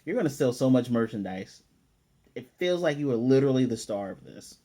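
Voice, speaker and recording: Mellow-voiced man recapping an anime. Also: mid-range voice, lively intonation, brisk. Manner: chatty, opinionated, frequent fillers. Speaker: anime reviewer. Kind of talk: casual episode recap.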